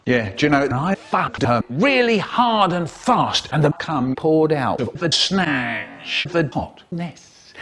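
A man telling a comic story with animated, exaggerated expressive delivery. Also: medium pitch, normal speed, hardly any pauses, slight background noise.

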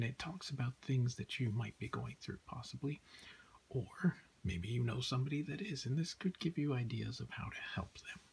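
A man in a Santa persona reading a children's picture book aloud, soft and often half-whispered. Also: medium pitch, vocal fry, breathy edge. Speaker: storyteller playing Santa.

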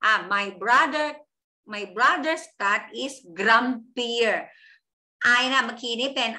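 A woman teacher, slowly spelling out words and often checking that her students understand. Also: fairly high pitch, pushed and bright. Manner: switches between English and Thai mid-sentence. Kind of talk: online grammar lesson.

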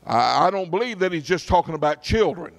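A man's voice: on the high side, animated, brisk, gravelly. A middle-aged pastor tells a personal story in his sermon, often checking in with his congregation.

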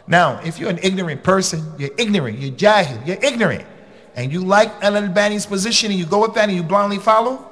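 A man's voice: animated, quick pace, a bit bright. Emphatic man preaching bluntly. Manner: emphatic, with sudden rises in pitch; blunt and conversational. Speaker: preacher and khatib. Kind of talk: lecture to a congregation.

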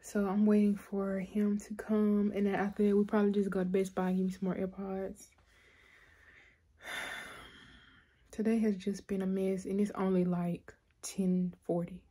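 A woman's voice: mid-range voice, completely flat delivery, moderate pace, long pauses, mellow, breathy edge. A young woman in casual vlog chat, talking straight to her viewers in a chatty, filler-heavy way. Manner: chatty, addresses viewers directly, frequent fillers. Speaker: vlogger.

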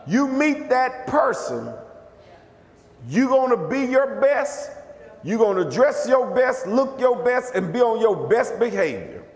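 A man preaching a lively, conversational sermon as a bishop, calling out questions to his congregation. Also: very high-pitched, echoey room, long reverb tail. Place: church.

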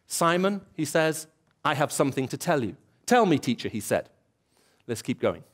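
Preaching in a church, this Englishman speaks at a normal pace in a slightly high voice that swings widely in pitch. His sermon is full of stories, with bits of dialogue performed in character voices.

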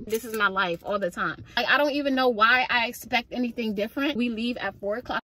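Young woman, vlogger, frustrated venting, slightly high voice, dry recording. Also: fairly quick, no echo. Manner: frustrated, venting, animated storytelling. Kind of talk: casual vlog rant.

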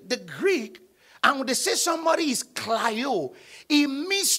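A man, a pastor, preaching a midweek sermon in church, calling on the congregation to answer and bursting into shouts. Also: very high voice, big pitch swings, measured pace. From Nigeria. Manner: preaching with sudden shouts and call-and-response.

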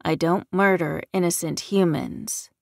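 A woman voicing a confident middle-aged male shifter captor who delivers steady, measured threats in an audiobook. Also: fairly low pitch, gravelly, dry recording, clean studio sound. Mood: cool threat.

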